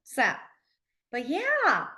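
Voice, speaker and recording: Woman, young adult, sign language teacher, chatty, laughs a lot, slightly high voice. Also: wildly swooping pitch, drawn-out words, bright, forceful tone. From Alabama. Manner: chatty, laughs often, frequent "like" fillers. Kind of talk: casual classroom instruction.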